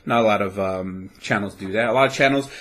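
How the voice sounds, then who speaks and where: A man's voice: fairly low pitch, fast, a bit bright. A man from the United States co-hosting a casual webcam chat show, rambling and swearing freely. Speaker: co-host. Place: home webcam setup.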